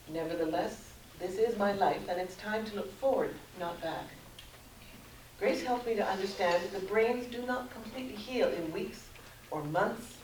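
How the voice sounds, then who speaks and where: A middle-aged woman giving a conference talk, telling her own story in an earnest, measured way. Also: mid-range voice, a little mellow. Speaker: conference speaker. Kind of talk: prepared personal talk read aloud. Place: conference room. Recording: roomy, distant with background noise.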